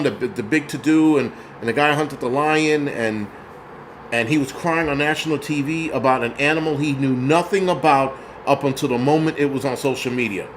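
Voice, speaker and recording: A Puerto Rican man hosting his own show rants angrily in a fairly high-pitched voice, heated, profane, and mocking. A little hiss or hum can be heard in the recording.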